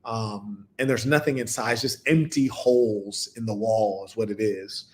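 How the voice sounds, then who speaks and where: A man hosting a podcast, speaking in a casual monologue to a live audience, with animated storytelling and laughing asides. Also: lowish voice, normal speed. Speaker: podcast host.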